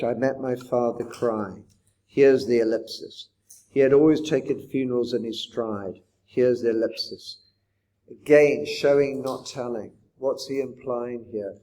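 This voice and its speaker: A man's voice: mid-range voice, darkish tone. Reflective man lecturing on poetry. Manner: reflective, asks rhetorical questions. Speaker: teacher.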